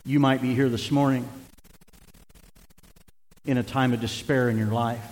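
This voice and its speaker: A man's voice: mid-range voice, fairly even intonation, measured pace, darkish tone. Man preaching in a reverberant church. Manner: conversational preaching with self-deprecating asides and chuckles. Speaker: pastor. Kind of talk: sermon. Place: church sanctuary.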